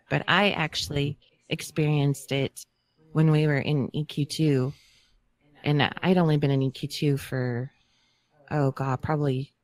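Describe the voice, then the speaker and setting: A woman's voice: low-pitched, dry recording. A woman on a gaming podcast telling a personal story in a chatty, hesitant way. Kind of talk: casual chat.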